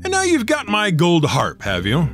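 Angry troll guy doing it screaming way up high, lively and all over the place. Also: normal speed, soft background music, full character voice. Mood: outraged. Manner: screaming, outraged. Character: angry greedy male troll.

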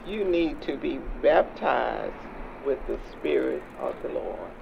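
Gravelly old street preacher, slow and measured, dull lo-fi sound. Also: male voice, mid-range voice, sing-song, background noise, full character voice. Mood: stern. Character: stern elderly churchgoer preaching to young men. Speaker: elder leading a prayer.

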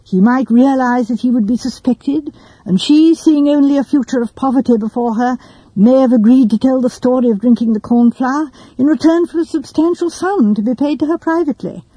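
A woman's voice: high voice, fairly quick, warm tone, slightly rough, dry recording, voice pushed up, rough recording. A woman voicing a cautious, formal elderly lawyer. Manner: formal, hedging.

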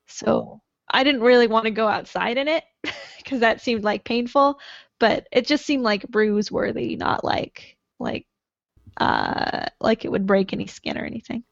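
A woman's voice: fairly high pitch, huge pitch swings, measured pace, vocal fry, dry recording, muffled recording. A woman co-hosting a casual podcast, rambling and giggling, with lots of "like". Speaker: podcast co-host.

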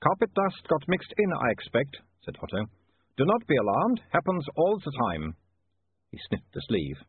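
Fussy, formal vampire photographer, read by a man, lively and bright-pitched, husky, tinny. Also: normal speed, dry recording, heavily acted. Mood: unruffled. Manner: stiff formal phrasing.

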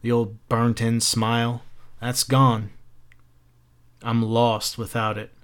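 A man's voice: medium pitch, completely flat delivery, slow pace, clear, resonant tone, natural voice. A man voicing a troubled, searching fireman who talks earnestly and urgently.

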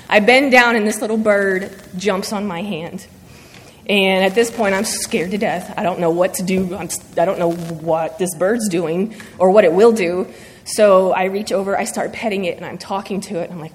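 Woman, church testimony, emotional and halting, mid pitch, long hall reverb. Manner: earnest, halting, emotional, with pauses and fillers. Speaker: church member giving testimony. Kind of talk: personal faith testimony.

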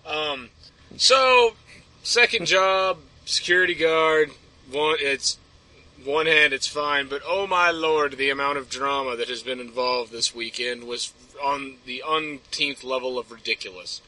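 A man's voice: fairly high pitch, measured pace, sharp tone, low-quality recording. A man telling a story as a podcast guest, ranting and rambling with plenty of swearing. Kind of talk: casual chat, storytelling.

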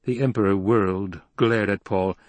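A man narrating an audiobook in a steady, scripted reading. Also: lowish voice, normal speed, no room sound.

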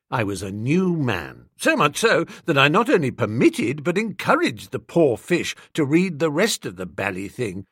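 A man reading a comic novel aloud as narrator, telling it with lively, wry, dry humor. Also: fairly high pitch, slightly rough, no room sound. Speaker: audiobook narrator.

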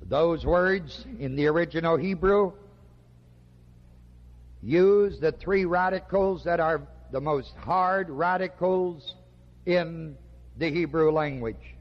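Slow, emphatic preacher in echoing hall. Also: male voice, high voice. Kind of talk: sermon. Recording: dull lo-fi recording with long hall reverb.

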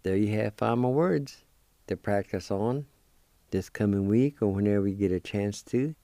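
A man teaching a language lesson on the radio, spelling words out letter by letter and repeating them slowly. He is patient and encouraging with his listeners. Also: on the low side, dark tone, dry recording.

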